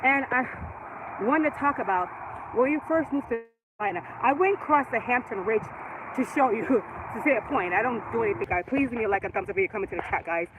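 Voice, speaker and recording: A woman's voice: a little high, animated, fast talker. A woman in her forties with a Jamaican accent, chatting casually and rambling on a live stream while she walks outdoors, laughing often. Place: outdoors on a residential street. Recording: outdoor street noise with passing traffic.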